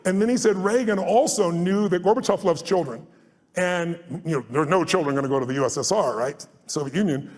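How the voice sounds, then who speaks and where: A man with a high, quick voice works a live crowd, pushing his points home bluntly and acting out his anecdotes. His voice rings out with long reverb in a large hall. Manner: emphatic and blunt, swears for force, acts out anecdotes. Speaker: speaker and guest on a live stage tour. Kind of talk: motivational storytelling to a live audience.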